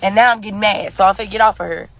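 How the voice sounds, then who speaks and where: A woman's voice: mid-range voice, steady tone, very fast, fairly bright tone. A grieving woman ranting furiously in a live video, cursing and defiant, repeating herself. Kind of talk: angry profane rant.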